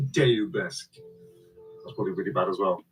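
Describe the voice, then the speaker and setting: In a low-quality recording, a man who resells online and streams talks casually to his live audience. His voice sits in the mid-range, and he keeps repeating himself and thanking viewers.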